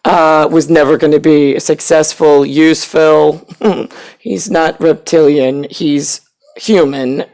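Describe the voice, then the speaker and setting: A woman's voice: deep voice, steady tone, slow, darkish tone. A mother ranting sarcastically and profanely about her family, mimicking them as she goes. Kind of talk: rambling rant to camera.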